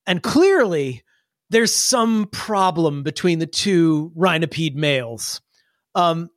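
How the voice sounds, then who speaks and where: A man narrating a tabletop role-playing game as game master, in a relaxed, rambling way. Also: on the high side, slow, no echo, studio quality. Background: background music.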